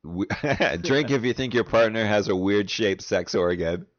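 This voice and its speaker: A man's voice: lowish voice, measured pace, dry recording, highs cut off. A man co-hosting a podcast, chatting casually while reading out a drinking game, laughing and swearing through the banter. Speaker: podcast co-host.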